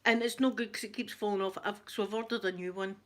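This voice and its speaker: Scottish woman, casual vlog chat into a laptop, chatty, self-deprecating, quick to laugh. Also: medium pitch, steady tone, a little hiss or hum. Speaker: ASMR vlogger.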